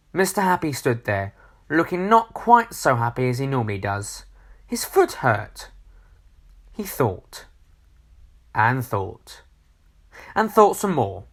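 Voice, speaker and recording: A man reading a children's storybook aloud, expressive, asking the listener questions. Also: mid-range voice.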